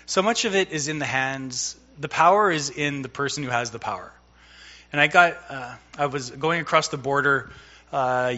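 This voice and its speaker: A man's voice: mid-range voice, sharp tone, dull audio. A middle-aged man preaching a sermon in a conversational way, telling a personal story and acting out the dialogue. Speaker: pastor.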